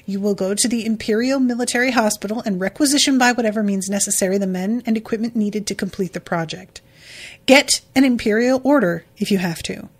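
A woman reading the lines of a stern male military officer giving clipped orders, in her own hoarse voice. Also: medium pitch, brisk. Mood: commanding.

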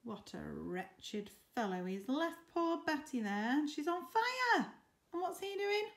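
A woman teacher reading a picture book aloud for story time, expressive and stopping to ask the children questions. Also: sits high, unhurried.

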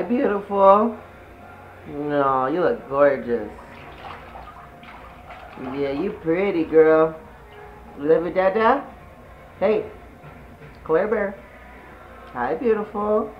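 A man's voice: high-pitched, animated, very slow, long pauses, phone-quality sound, faint music behind. A young man, a father, talking playful baby talk to his little daughter in a casual home vlog.

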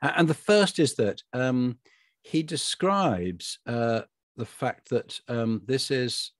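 A man's voice: mid-range voice, slow, no room sound, clean studio sound. A man co-hosting a casual talk on a Bible passage, thinking aloud with restarts and little laughs. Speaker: podcast co-host.

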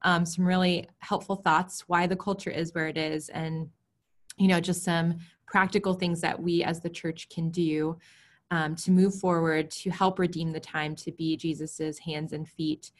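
A woman's voice: lowish voice, little pitch movement, a little slow. A woman moderating a panel, upbeat, thanking the panelists and closing the session with frequent filler sounds over a video call. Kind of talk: closing remarks.

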